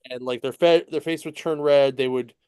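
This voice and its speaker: A man co-hosts a podcast and recaps a story in loose, rambling chat, with lots of fillers and easy chuckles. His voice is smooth and resonant at a middle pitch. The sound is close and dry. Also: fairly even intonation, moderate pace, a little mellow, no echo. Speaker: podcast co-host at a comic shop. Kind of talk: casual chat recapping a comic book.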